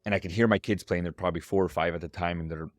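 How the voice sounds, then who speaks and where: Deep-voiced man telling a family story. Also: very fast, no echo, studio quality, faint music behind. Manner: animated storyteller, acts out voices in quotes. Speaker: guest, strengths coach. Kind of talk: storytelling in a podcast interview.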